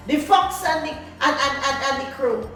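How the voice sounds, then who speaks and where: A woman telling folk tales to an audience, lively and full of call-and-response asides. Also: high-pitched, normal speed. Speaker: storyteller. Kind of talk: oral folk storytelling to an audience. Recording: echoey hall, distant mic, faint music.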